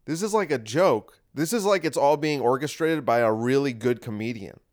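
A man's voice: medium pitch, animated, moderate pace, darkish tone. A man hosting a podcast, talking in a casual, wry and rambling monologue that circles back and repeats itself. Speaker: podcast host.

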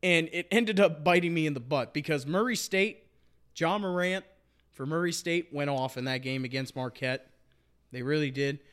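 Casting note: young male sports podcast host, slightly high-pitched, fired-up and emphatic, hammers his points home. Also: normal speed, a bit bright. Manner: impassioned, emphatic, repeats points. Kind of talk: casual sports chat.

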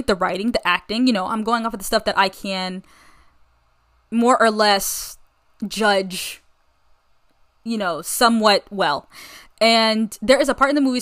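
A woman's voice: medium pitch, fairly bright tone. A young American woman hosting a podcast, chatting in a rambling, enthusiastic way about a movie. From United States. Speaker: podcast host. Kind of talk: casual solo movie review chat.

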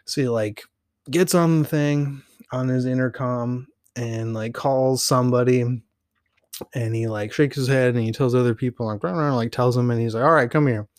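A man hosts a podcast, telling a personal story in a casual, animated and rambling way, full of fillers. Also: medium pitch, moderate pace, dry recording, clean studio sound. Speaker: podcast host.

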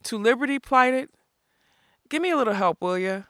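A woman's voice: fairly high pitch, animated, normal speed, no echo, clean studio sound, voice pushed up. A woman doing a blustering outlaw giant. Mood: exasperated. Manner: blustering, shouting. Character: gruff bellowing male outlaw giant.

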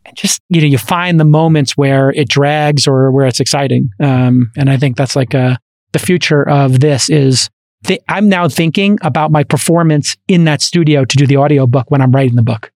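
A man hosting a podcast, chatting casually and telling stories with quick asides and restarts, into a studio microphone. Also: mid-range voice, darkish tone, dry recording. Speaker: podcast host.

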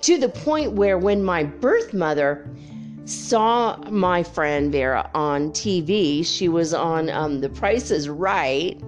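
A woman's voice: lowish voice, lively intonation, takes it slowly, faint music behind. A middle-aged woman in casual chat, swearing freely and telling stories with animation. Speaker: spiritual vlogger.

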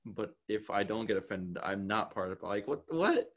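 Young man telling animated stories. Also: fairly low pitch, fairly quick, hardly any pauses. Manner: animated storyteller, acts out quotes with laughter. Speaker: podcast host. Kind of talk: casual chat.

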